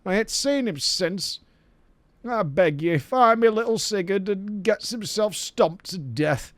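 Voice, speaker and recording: Man doing a gruff pleading villager. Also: high voice, lively intonation, slow pace, no room sound, pitched above the performer's own voice. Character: worried gruff male villager begging for help.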